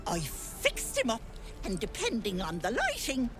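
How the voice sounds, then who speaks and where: A woman's voice: fairly high pitch, wildly swooping pitch, a little slow. Sweet-talking old witch auntie, lilting up and down, game music under her. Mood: cooing. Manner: cooing, folksy, calls everyone love and sweetie. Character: sly old hag posing as kindly auntie. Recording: game audio with music behind.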